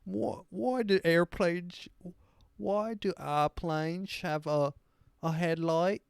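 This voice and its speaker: A man putting on a clueless British man with a put-on London accent, drawling slowly in a raised voice. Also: high-pitched, steady tone, creaky, clear, resonant tone, dry recording, studio quality, pitched above the performer's own voice, heavily acted. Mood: baffled. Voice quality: raised, slow, drawling delivery. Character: dim-witted British man, cheeky and clueless.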